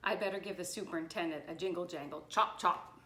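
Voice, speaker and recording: A woman's voice: lowish voice, quick pace, bright, forceful tone, a little hiss or hum. A woman doing a cheery, folksy school principal. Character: jolly male school principal. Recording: roomy echo.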